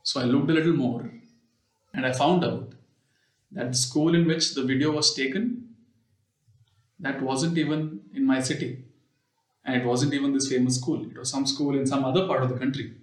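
A man's voice: medium pitch, normal speed, pauses often. Man telling a story in an echoey room. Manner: conversational storytelling with frequent "you know" fillers. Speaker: podcast and video host. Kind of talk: casual explanatory monologue. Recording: echoey room with faint music.

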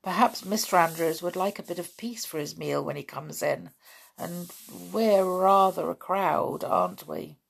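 A woman's voice: on the low side, measured pace, gravelly, breathy edge, heavily acted. A woman voicing a polite, well-mannered schoolboy who speaks with courteous enthusiasm.

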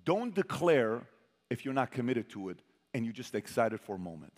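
A man of middle pitch speaks as a motivational speaker, telling a story to a live crowd. He fires questions at the audience and drops from loud bursts to near-whispers. His voice carries a long reverb, as in a large hall. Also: moderate pace. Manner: animated, quizzes the audience, swings from loud to hushed.

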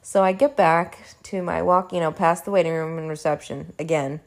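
A young woman casually telling a personal story at home, animated and chatty, with frequent "like" and casual swearing. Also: sits low, moderate pace, gravelly. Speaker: vlogger. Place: home room.

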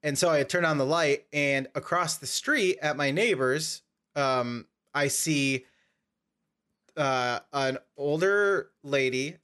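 A man's voice: on the high side, takes it slowly, pushed and bright, smooth. A young man hosting a casual chat, telling a long, rambling story and often correcting himself. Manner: rambling, self-correcting anecdote teller. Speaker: podcast host.

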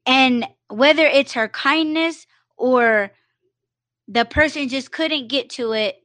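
Hosting a solo live podcast, a woman speaks slowly in a high-pitched, slightly bright voice, delivering a blunt, profane, emphatic rant packed with fillers like "you know" and "like." The recording is dry.

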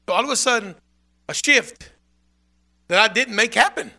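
A man preaching a sermon as pastor, emphatic and repetitive, with sudden loud swells. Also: very high-pitched, moderate pace, vocal fry, long pauses.

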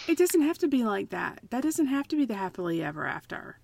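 A woman's voice: a little high, very animated, fairly quick, gravelly, a little mellow. A woman talking bluntly and emphatically in a casual book chat, often repeating herself to make a point.

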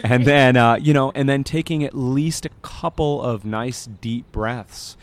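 A man in casual conversation, an animated storyteller with frequent fillers who talks about stress and breathing. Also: medium pitch, unhurried.

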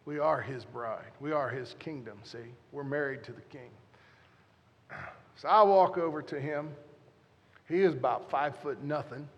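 A man's voice: fairly high pitch, a little slow, long pauses, in a large hall, lo-fi sound. A man in his fifties, a guest pastor telling a joking story in a sermon, talking straight to the congregation. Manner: animated, joking, talks straight to the crowd. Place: church.

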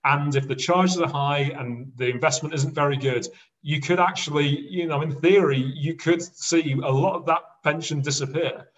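A man's voice: on the high side, moderate pace, far from the mic, lo-fi sound. A man with a mid-range voice, heard a little away from the microphone, talks as a podcast guest. He explains things eagerly and conversationally. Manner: enthusiastic, explanatory. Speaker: podcast guest, pensions specialist. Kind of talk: casual interview chat.

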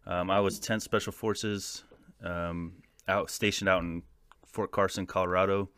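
An American man in his thirties, a podcast guest and former soldier, telling war stories in a casual, profane, animated way with frequent laughs. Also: deep voice, a little slow, clean tone, no echo, clean studio sound. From United States. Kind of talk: casual storytelling.

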